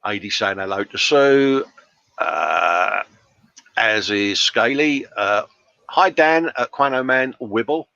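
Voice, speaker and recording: British bloke on a live stream, chatty and matey, reads out comments, kinda muffled dry sound. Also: male voice, medium pitch, expressive, slow, gravelly, pushed and bright, no echo. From Britain. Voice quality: chummy, laughs often, says "mate" a lot. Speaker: host of a live workshop stream. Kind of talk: casual chat, reading out viewer comments. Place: home workshop bench.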